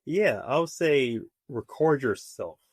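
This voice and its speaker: A man's voice: mid-range voice, expressive, slow, husky, dry recording, clean studio sound. A middle-aged man, an author and speaker, giving practical advice in a casual interview.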